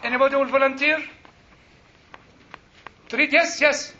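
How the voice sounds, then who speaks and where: A man teaching a Bible study class in an animated, joking way, quizzing his listeners. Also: extremely high pitch, normal speed, slight background noise. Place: classroom with a group. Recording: dull lo-fi recording.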